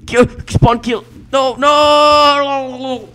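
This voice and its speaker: A man giving let's play commentary at his computer, excitable and quick to shout and swear at the game. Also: extremely high pitch, clear, resonant tone, soft background music. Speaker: gameplay commentator.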